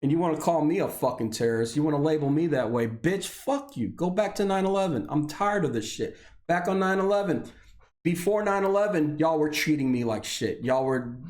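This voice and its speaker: A man's voice: expressive, brisk. Profane, fiery man ranting. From Indiana, US. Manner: heated, profane, swings between shouting anger and low weary tones. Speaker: video blogger, military veteran. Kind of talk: unscripted personal rant.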